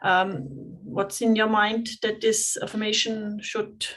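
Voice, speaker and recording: A woman's voice: medium pitch, level tone, slow, fairly bright tone, poor audio. A woman being coached, answering in brief, hesitant replies. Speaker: coaching client. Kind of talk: coaching session.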